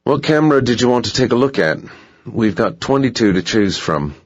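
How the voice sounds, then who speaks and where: A surly, mouthy security guard with a raised, husky voice, as a male narrator puts him on. He sounds defensive and talks back, and the dry recording has a dull, muffled quality. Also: mid-range voice, expressive, brisk, no echo, voice pushed up, close to an everyday voice. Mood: casual.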